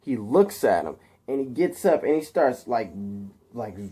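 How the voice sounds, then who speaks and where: A man narrates a superhero story off the cuff, piling up fillers and restarts and making the sound effects himself. His voice is dark and mellow. He rambles on in a loose, casual way. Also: medium pitch, very animated, unhurried, breathy edge. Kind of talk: improvised spoken fan story.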